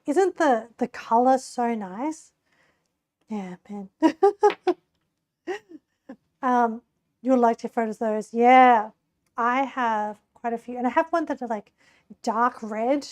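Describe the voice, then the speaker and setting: A young woman streaming from home, talking casually to her chat with a hoarse, squeaky voice she says she is losing, rambling and laughing often. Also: takes it slowly, a little mellow, no echo. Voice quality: squeaky, creaky voice. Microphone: desk mic.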